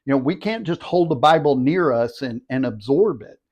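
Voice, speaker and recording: An older man, a Bible teacher, reads scripture aloud and then explains it in a steady, explanatory teaching tone. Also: medium pitch, normal speed. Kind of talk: scripture reading and commentary.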